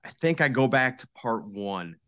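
A man's voice: mid-range voice, expressive, normal speed, fairly bright tone. Easygoing man sharing opinions. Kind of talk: casual chat.

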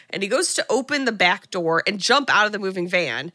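A woman co-hosting a podcast, casually recapping a movie plot and swearing freely as she acts out quick lines. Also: mid-range voice, lively intonation, pushed and bright, dry recording, clean studio sound. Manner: retells scenes with quick quoted voices, swearing. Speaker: podcast co-host.

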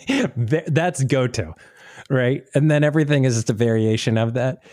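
A man's voice: medium pitch, measured pace, a little mellow, dry recording, studio quality. A man co-hosting a podcast in casual chat, joking and rambling. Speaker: podcast co-host.

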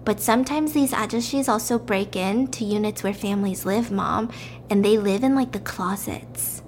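A woman voicing a young boy who tells a secret in a hushed voice. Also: mid-range voice, moderate pace, slight background noise, natural voice. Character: young boy, earnest and whispery.

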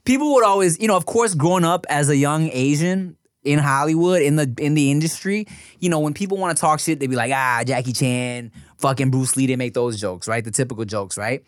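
An American man in his thirties co-hosts a podcast, chatting casually in a loose, profane way and laughing often. His voice is fairly high and fairly quick, in a dry, studio-quality recording.

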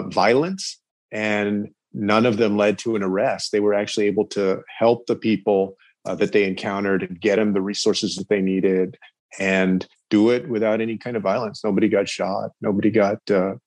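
A man in his forties from Texas, a podcast guest talking in an earnest, measured way and laughing easily. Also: fairly low pitch, steady tone, no room sound. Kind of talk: casual chat.

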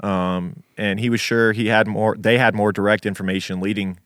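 Male true crime co-host, lower voice, dry close sound, easygoing storyteller. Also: little pitch movement, normal speed, fairly bright tone, no room sound. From Las Vegas. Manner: laid-back, swears casually, tells the case story. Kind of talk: casual chat and case narration.

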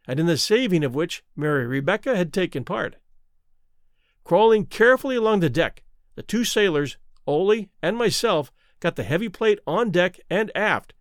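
A man reading a classic adventure story aloud as an expressive narrator. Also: fairly high pitch, dry recording, studio quality. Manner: expressive, rises and falls with the action. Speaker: audiobook narrator.

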